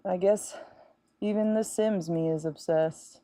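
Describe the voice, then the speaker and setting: Goofy fish-girl sea creature, put on by a woman streamer, lower than her own voice, mellow and unhurried, theatrical. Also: dry recording, close to an everyday voice. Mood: playful. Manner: playful, theatrical, teasing the cat. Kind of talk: live game stream banter in character. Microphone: close to the mouth.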